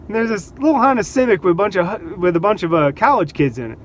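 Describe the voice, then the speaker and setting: A man with a fairly high voice tells casual stories to the camera. He is animated, laughs often and slips into voices for the people in his stories. There is a faint hum of outdoor traffic behind him. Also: fast, hardly any pauses. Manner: animated, laughs between anecdotes, acts out quotes. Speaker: vlogger. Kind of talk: casual storytelling.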